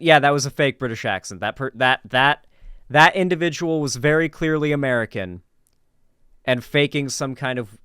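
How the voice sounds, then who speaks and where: A man talks through a reaction commentary in an easygoing, rambling way, piling on filler words and sarcastic asides. His voice is smooth and clear at a middling pitch, recorded dry and close with no room sound. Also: a bit bright, dry recording. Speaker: commentary host.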